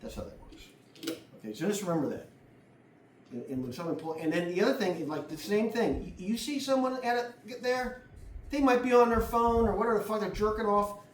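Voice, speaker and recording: A blunt, foul-mouthed middle-aged man explains driving and parking in a casual demonstration. His voice sits a bit high and sounds distant, bouncing around an echoey room with faint background hum. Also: brisk. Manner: blunt and profane, acts out other drivers. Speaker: driving advice presenter.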